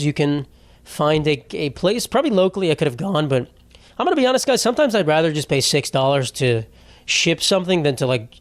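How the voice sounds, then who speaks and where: A man's voice: mid-range voice, no echo. Rambling, profane man on a dry mic. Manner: rambling, profane, self-mocking storyteller. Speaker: podcast host. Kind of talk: solo comedy podcast monologue. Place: home setup.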